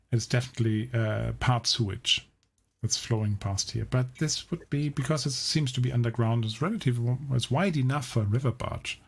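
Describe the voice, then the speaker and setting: Gravelly, husky game master. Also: male voice, medium pitch. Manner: measured, explaining, often restarting his sentences. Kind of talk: narrating a tabletop game.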